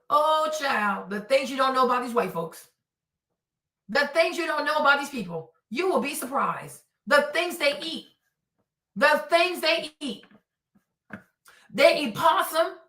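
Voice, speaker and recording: A woman hosting a reaction stream, ranting loudly and mockingly with lots of swearing. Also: high voice, roomy sound, far from the mic. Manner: loud, profane, mocking rants. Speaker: streamer host.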